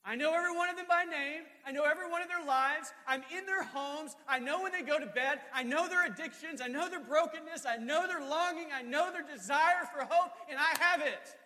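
A man's voice: very high-pitched, a little fast, few pauses, bright, forceful tone, voice pushed up. A man preaching voices God as an all-knowing, insistent divine figure, with fervent, emphatic declarations in an echoey hall.

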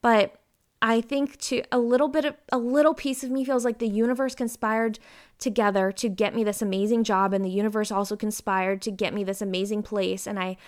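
Smooth-voiced young woman chatting openly. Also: medium pitch, fairly quick. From Ohio. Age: 20s. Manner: chatty, open and confessional, with lively bursts of emphasis. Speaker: podcast host. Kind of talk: casual personal chat.

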